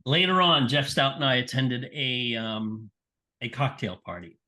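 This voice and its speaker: This is a middle-aged sports nutrition scientist guesting on a podcast, his voice mid-range and his delivery unhurried. He's a lively storyteller in a relaxed interview, performing the voices of whoever he quotes.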